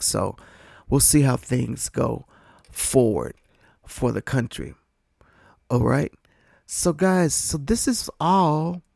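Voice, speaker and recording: Gravelly, indignant man hosting a podcast. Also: mid-range voice, dry recording, clean studio sound. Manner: animated and indignant, laughing often. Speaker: podcast host. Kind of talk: casual podcast commentary.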